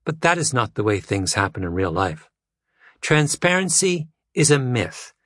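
A man reading a nonfiction audiobook in a measured way, letting his pitch fall low at the end of phrases. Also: fairly bright tone, dry recording, clean studio sound. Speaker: narrator. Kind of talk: scripted nonfiction audiobook narration.

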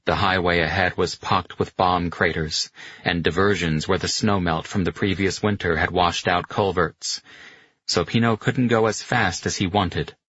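Deep husky male audiobook narrator. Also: no room sound, highs cut off. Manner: steady storytelling, voicing characters in dialogue. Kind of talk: scripted narration.

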